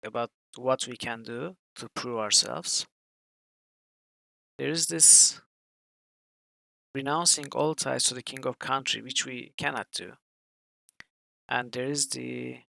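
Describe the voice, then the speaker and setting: A man's voice: medium pitch, creaky, sharp tone, no room sound. A man streaming a role-playing game, thinking aloud and reading the story text as he plays.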